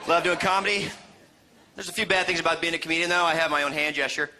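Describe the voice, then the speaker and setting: A male stand-up comedian telling deadpan quips to a live audience. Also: fairly high pitch, crowd noise, background noise. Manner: deadpan quips, quick jokes. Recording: live show with audience laughter.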